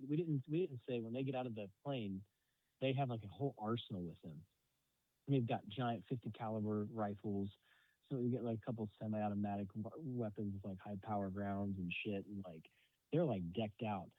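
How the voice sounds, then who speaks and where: A man's voice: on the low side, no echo. A man co-hosting a podcast, retelling a movie plot in casual chat, acting out quotes with lots of swearing. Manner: animated storytelling with acted-out quotes and frequent swearing. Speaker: podcast co-host. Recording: dry tinny phone-like sound.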